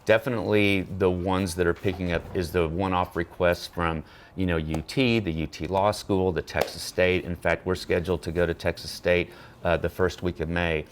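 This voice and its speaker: Brief: male guest, deep voice, animated anecdotal storyteller, stumbles and restarts, unscripted interview. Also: normal speed, slight background noise. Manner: frequent restarts and stammers. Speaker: therapy dog volunteer guest.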